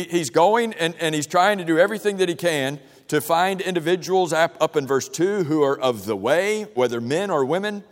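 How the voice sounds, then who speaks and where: A man leads a Bible class, reading scripture aloud and stopping often to put questions to his listeners. His voice sits a little high for a man. He talks casually and restarts his sentences, and a long reverb hangs on every phrase in the church room. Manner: conversational, questions the group, frequent restarts. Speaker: Bible study teacher. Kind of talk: interactive Bible class teaching. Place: church meeting room with a projector.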